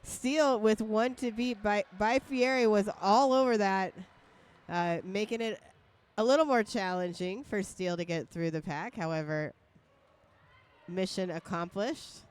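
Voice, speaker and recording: Woman doing roller derby play-by-play, kinda slow, goofy banter w her co-host. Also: mid-range voice, clear, resonant tone. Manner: playful, jokey banter between calls. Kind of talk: live play-by-play commentary.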